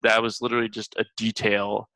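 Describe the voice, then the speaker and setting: A young man co-hosts a relaxed movie discussion, talking in loose runs with many fillers. His voice sounds bright and forceful. The recording is dry, with no room sound. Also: lowish voice, brisk, dry recording, low-quality recording. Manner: rambling and laughing, lots of fillers. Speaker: movie review podcast host. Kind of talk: casual chat.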